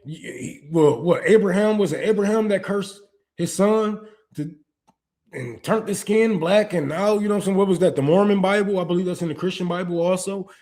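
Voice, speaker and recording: A young man delivering a heated, profane rant, full of stumbles and restarts, that swings between loud outbursts and low muttering. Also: normal speed. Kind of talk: ranting monologue.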